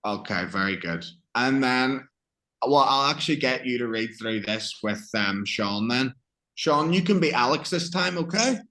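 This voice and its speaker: This is an English-accented man teaching a lesson at a very unhurried pace. His voice sits at an ordinary middle pitch, and he explains each word patiently in simple terms. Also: expressive, pushed and bright, low-quality recording.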